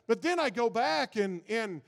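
A man's voice: very high-pitched, animated, unhurried, creaky. A man pastor giving an informal sermon, talking casually to his congregation and building to fervent intensity. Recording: long reverb of a large hall.

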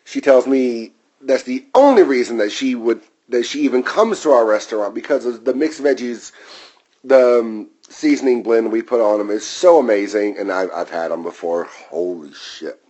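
A man's voice: mid-range voice, animated, moderate pace, dark tone, muffled recording. Man, restaurant server, vlog rant, swearing constantly, heated, goes off on tangents. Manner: profane, heated ranting; wanders off on tangents, then returns.

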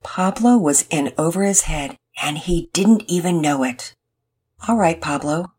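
A woman's voice: lowish voice, animated, a little slow, a little mellow, husky. A woman hosting and narrating a children's family story, reading it aloud. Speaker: storyteller and host.

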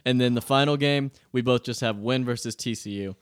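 An earnest young man talks through game predictions on a casual sports podcast, laughing at his own slips. His mid-pitched voice comes through a close podcast mic with no room sound. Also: a little fast, dry recording. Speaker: podcast co-host. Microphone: studio podcast mic.

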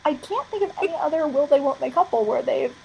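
A woman's voice: high voice, lively intonation, fast talker, vocal fry, darkish tone, lo-fi sound, a little hiss or hum. Thoughtful, rambling woman in chat. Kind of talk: casual chat.

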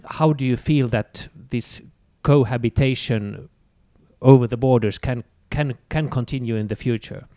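A man's voice: medium pitch, measured pace, warm tone, no room sound. A man interviewing a guest, stammering and repeating words as he asks questions.

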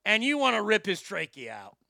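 Brash male host: high, gravelly, swearing rant, dry close sound. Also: huge pitch swings, fairly quick, sharp tone, no echo. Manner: brash, swaggering, heavy swearing. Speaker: commentary show host. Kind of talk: profane comedic rant.

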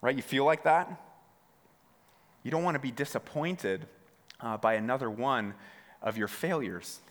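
A man's voice: medium pitch, measured pace, a bit bright, in a large hall. A man preaching a sermon to his congregation. He often restarts his words and asks the listeners direct questions. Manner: repeats words, stammering restarts; talks straight to the congregation with questions. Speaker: pastor. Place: church hall.

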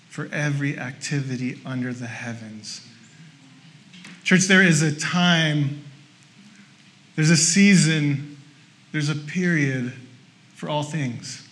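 A man preaching a sermon in a conversational, self-mocking way, jumping into high bursts when he acts out his own frustration. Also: fairly bright tone. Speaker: pastor.

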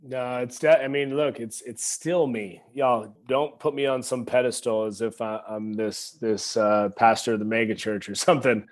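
A man's voice: medium pitch, fairly even intonation, normal speed, hardly any pauses. A man in his thirties, a former football linebacker, sharing an earnest, preacher-like story as a podcast guest, speaking to listeners as y'all. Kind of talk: reflective storytelling.

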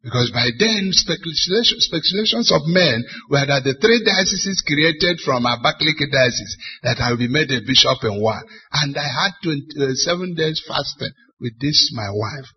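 A middle-aged Nigerian man, a bishop, preaching a sermon to church leaders with emphatic rhetorical questions and loud bursts of stress. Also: fairly high pitch, expressive, moderate pace, hardly any pauses, husky. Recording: dull lo-fi church recording.

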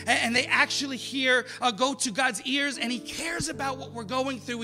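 A man with a high, bright voice preaches a sermon, moving from soft, quiet passages to loud, emphatic calls. His voice rings with a long hall reverb, and faint music plays behind him. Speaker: pastor.

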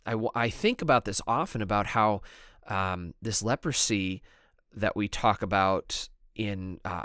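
A man's voice: on the low side, a bit bright, clear, resonant tone, no echo, studio quality. A man, a priest co-hosting a podcast, talking in a casual, thoughtful way with many fillers and restarts.

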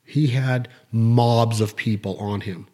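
Animated man telling a story. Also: mid-range voice, slow pace. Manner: animated storyteller, acts out quoted voices. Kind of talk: casual storytelling chat.

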